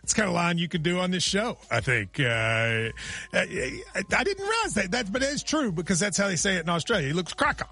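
A man's voice: high-pitched, a little fast, vocal fry, breathy edge. A man co-hosting a sports radio show, joking and laughing in casual chat. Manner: joking, animated, laughs often.

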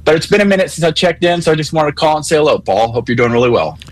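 A man calling in to a sports talk radio show, explaining things in a measured, methodical way. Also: fairly high pitch, expressive, poor audio. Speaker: caller.

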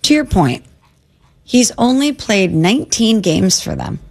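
A woman's voice: mid-range voice, sing-song, a little slow, vocal fry, a little mellow. A woman co-hosting a sports radio show, arguing her football opinions in a direct way.

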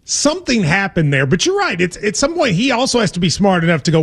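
A man's voice: sits high, very animated, fast talker, vocal fry, slightly rough. A man with a Kentucky accent co-hosting a casual sports talk show, joking and laughing often. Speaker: podcast co-host.

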